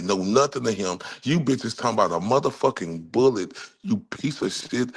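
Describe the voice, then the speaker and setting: Gravelly, furious, profane streamer man. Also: mid-range voice. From Dallas, Texas. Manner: furious, heavily profane ranting. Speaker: livestream host. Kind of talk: angry profane livestream rant.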